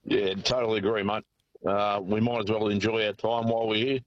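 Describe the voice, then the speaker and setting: A man with an Australian accent calling a radio show from his car on the phone, halting and stumbling over his words. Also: on the low side, flat delivery. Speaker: caller. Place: driving in a car. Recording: dull phone line.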